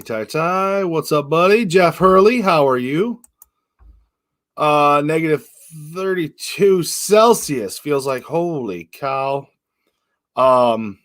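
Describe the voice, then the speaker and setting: On a casual livestream, this man greets viewers by name and reads their comments, rambling relaxedly with lots of ums, uhs and restarts. His voice sits on the high side, and the sound is clean studio audio with no room sound.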